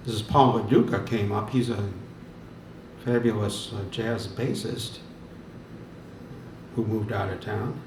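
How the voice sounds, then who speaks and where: A man's voice: on the low side, steady tone, unhurried, pauses often, a little mellow, a little hiss or hum. A man hosting a live lounge show from the piano. He chats casually, jokes and laughs easily. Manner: jokey, chatty, laughs easily. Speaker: show host and lounge pianist. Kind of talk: casual live-stream chat. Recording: echoey room with faint piano music.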